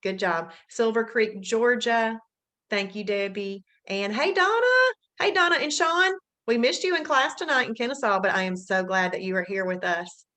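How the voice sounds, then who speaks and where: Woman host with an Alabama drawl, slightly high voice, chatty and upbeat, greeting people by name on a live webinar. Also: animated, normal speed, pushed and bright. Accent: Southern US, Alabama. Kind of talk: casual live webinar chat.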